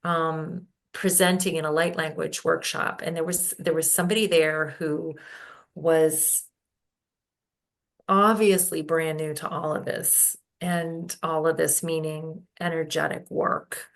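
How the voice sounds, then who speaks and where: Slow, gravelly-voiced woman telling a story. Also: low-pitched, level tone. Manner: unhurried, halting storyteller with many fillers and restarts. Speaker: guest, holistic healing practitioner. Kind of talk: casual podcast conversation, storytelling.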